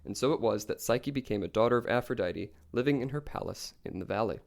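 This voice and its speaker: A young man co-hosting a podcast, calmly retelling myths in a casual storytelling style. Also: medium pitch, fast, vocal fry. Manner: calm, even retelling of myths. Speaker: podcast co-host.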